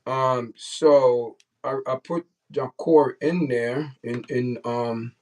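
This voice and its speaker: A man hosts a casual morning livestream, chatting loosely and repeating lines as he calls out to viewers in the chat. His voice sits at a middle pitch and sounds a little distant, as if he's set back from the mic. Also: steady tone, slow, a little mellow. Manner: repetitive, talks straight to the chat. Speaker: livestream host.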